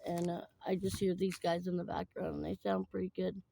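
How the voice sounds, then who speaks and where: A woman talking in a personal vlog, tearful after crying, rambling and halting with many fillers. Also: lowish voice, little pitch movement, vocal fry, warm tone.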